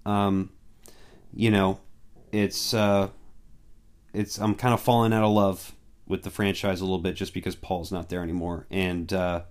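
A man vlogging casually about upcoming films, excitable and quick to get worked up, with lots of fillers. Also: low voice, clean tone. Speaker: movie fan vlogger.

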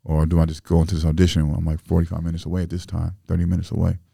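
A man's voice: low voice, monotone, very fast, creaky, mellow, slightly rough, no room sound, clean studio sound. A man from Illinois, a podcast guest, telling his life story in loose, profane street talk full of fillers. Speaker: interview guest.

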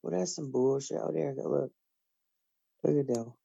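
A woman's voice: a bass voice, moderate pace, gravelly, warm tone, breathy edge, no room sound, muffled recording. A woman chatting casually and bluntly over a video call, telling stories full of swearing and laughter. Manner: blunt, profane, storytelling with laughs. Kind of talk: casual chat.

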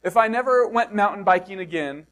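In a high, slightly bright voice with lively intonation, a middle-aged US pastor preaches fairly quickly. He takes a conversational approach, unpacking a passage and regularly asking his listeners rhetorical questions.

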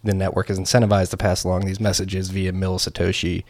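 A man's voice: low voice, completely flat delivery, fast, a little mellow. A man co-hosting a podcast in casual, joking chat, rambling with frequent ums. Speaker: podcast co-host.

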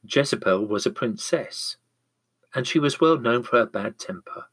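A man reading a bible story aloud in a steady storybook manner. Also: mid-range voice, normal speed, slightly rough. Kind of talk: scripted narration of a bible story.

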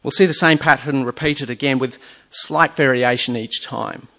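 A man's voice: mid-range voice, moderate pace, gravelly, fairly bright tone. A man preaching a sermon, reading scripture aloud and asking his listeners earnest rhetorical questions. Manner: reads scripture aloud between explanations. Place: church or hall with a screen.

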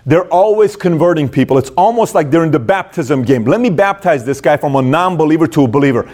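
Fast-talking emphatic man host. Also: fairly high pitch, lively intonation, darkish tone. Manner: emphatic, repeats phrases, acts out inner dialogue. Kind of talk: motivational business talk to camera.

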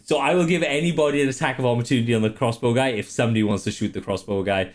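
A man's voice: mid-range voice, very fast. A man running a tabletop game as dungeon master, casual and laughing, with plenty of swearing.

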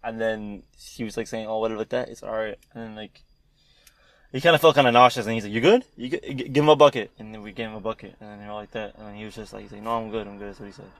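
A man's voice: on the low side, little pitch movement, very fast, fairly bright tone, no room sound. A young man in casual chat, telling a story with lots of swearing, acting out quotes and laughing often.

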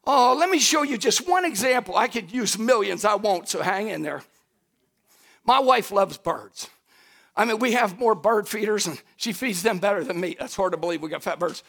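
Man, pastor, sermon, very high voice, lively swings in pitch, folksy, shouts at peaks. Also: moderate pace, gravelly. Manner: animated preaching, rising to shouts at high points; folksy, addresses the congregation directly.

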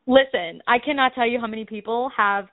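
A woman's voice: a little high, fairly quick, no echo. A woman hosting a podcast, chatting and giggling on a phone call. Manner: giggly and gushing. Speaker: podcast host. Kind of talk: casual chat. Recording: tinny phone line.

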